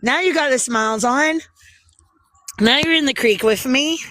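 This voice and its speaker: A woman with a high-pitched, fairly bright voice talks at a normal speed into a handheld phone on a casual livestream by a creek, and the recording is dry. Her banter is playful, giggly, and childlike.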